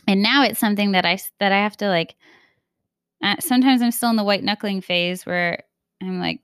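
A woman's voice: mid-range voice, fairly bright tone, clean tone, no echo, clean studio sound. A woman hosting a podcast, talking in a casual, earnest, confiding way and acting out the voices she quotes. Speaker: podcast host. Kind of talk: casual reflective monologue.

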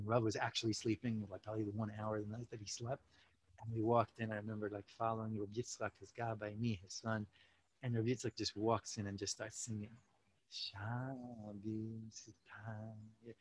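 A man's voice: mid-range voice, poor audio. A young man, telling a personal story casually many fillers, acting out quotes. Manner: animated, full of 'you know, like' fillers, acts out quotes.

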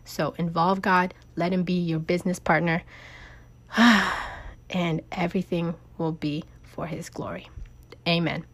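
A woman's voice: fairly low pitch, flat delivery, unhurried. A woman business owner hosting her own show, talking emphatically and tearfully about her faith. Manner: emotional, emphatic, confessional. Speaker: podcast host, business owner. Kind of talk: personal faith talk.

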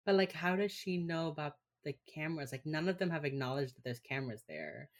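A woman's voice: deep voice, animated, brisk. A woman with a Miami accent, co-hosting a podcast and casually recapping a show, chatty and swearing as she slips into quoted voices. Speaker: podcast co-host.

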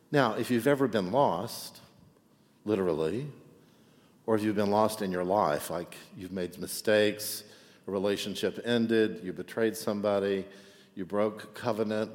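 A pastor with a lowish voice preaches a sermon in a chatty, animated way, heard with a long reverb tail. He keeps checking in with the congregation by asking "right?"

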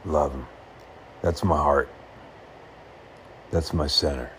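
A man talking earnestly to the camera in short, halting phrases, reflecting on happiness. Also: very deep voice, slight background noise.

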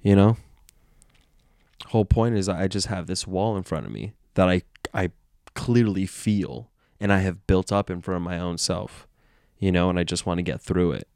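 A man's voice: low voice, moderate pace, gravelly, darkish tone, no echo, clean studio sound. A man hosting a solo podcast, talking in a playful, meandering stream of consciousness from his bed at home. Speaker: podcast host. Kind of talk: rambling solo podcast monologue.

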